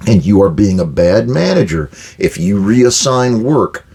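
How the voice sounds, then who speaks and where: A man's voice: lowish voice, sing-song, unhurried, creaky, warm tone, breathy edge. An older man hosting a management advice talk, blunt and direct, acting out quoted exchanges with workers. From United States. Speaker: podcast host giving management advice.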